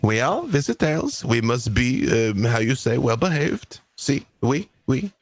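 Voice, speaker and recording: A man's voice: medium pitch, big pitch swings, unhurried, no room sound. A man voicing a flamboyant French male mage with a put-on French accent and a courtly, theatrical manner. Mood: charming.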